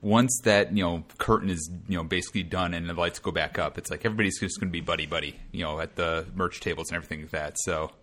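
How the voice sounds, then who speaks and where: Male co-host, deep-ish voice, loose and rambling delivery. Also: fast, hardly any pauses. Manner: relaxed, rambling, easygoing. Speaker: podcast co-host. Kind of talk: casual podcast chat.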